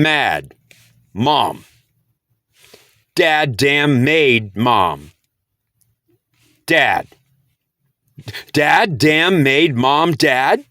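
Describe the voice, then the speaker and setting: Slow, deliberate man, dry sound. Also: on the high side, sharp tone, no echo. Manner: repetitive, sounding out words syllable by syllable; rises to incredulous outbursts. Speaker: spiritual speaker. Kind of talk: explaining spirit messages to camera.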